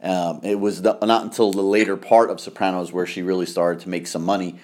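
Low-voiced middle-aged American man, rambling. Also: a little fast. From United States. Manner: rambling storyteller, excitable and laughing. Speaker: podcast host. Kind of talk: casual chat.

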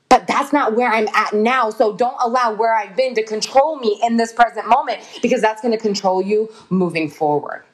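Fired-up woman preaching self-healing. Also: medium pitch. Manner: animated, emphatic, preachy, swears casually. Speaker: podcast guest, spiritual healing coach. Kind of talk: casual podcast conversation.

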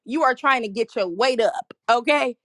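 A woman's voice: fairly high pitch, normal speed, fairly bright tone, dry recording, clean studio sound. A woman co-hosting a casual faith podcast, talking in a preachy, affirming way with punchy repeated phrases. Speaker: podcast co-host.

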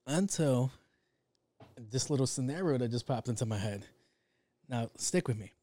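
A man's voice: medium pitch, normal speed, long pauses, warm tone, no room sound. A young man in a casual solo monologue, rambling and profane, drifting off on tangents.

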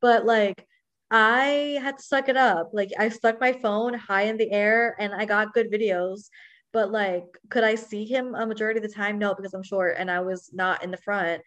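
A woman's voice: mid-range voice, steady tone, normal speed, a bit bright. Young woman, easygoing podcast chat. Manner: supportive listener, frequent backchannels. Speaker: podcast co-host. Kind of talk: casual chat.

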